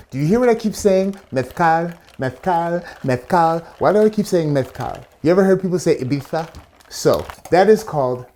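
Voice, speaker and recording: A man's voice: on the high side, mellow. Chatty man mixing cocktails. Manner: chatty and playful, with asides and slang. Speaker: bartender and channel host. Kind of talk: casual cocktail tutorial.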